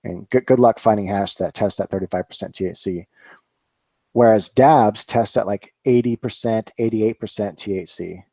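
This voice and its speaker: A man's voice: fairly low pitch, normal speed, dark tone, no room sound. A man in his forties, a cannabis grower, rambling casually through a live stream, full of fillers and swearing. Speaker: cannabis grower, channel host.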